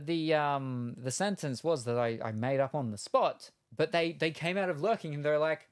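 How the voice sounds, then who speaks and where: A game streamer with an Australian accent chats casually and rambles while answering chat, hesitant and full of ums. The voice is medium-pitched at normal speed with few pauses, and there's no echo.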